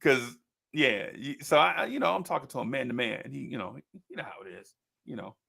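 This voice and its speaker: A man in his fifties telling stories in a casual chat, animated and slangy, laughing often. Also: mid-range voice, fairly quick, creaky, slightly rough.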